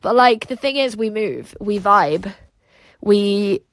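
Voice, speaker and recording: A woman's voice: mid-range voice, lively intonation, slow pace, no room sound. A woman in her twenties with a British accent, a native Russian speaker, chatting casually on a livestream and reading out viewer comments, blunt and profane, laughing often.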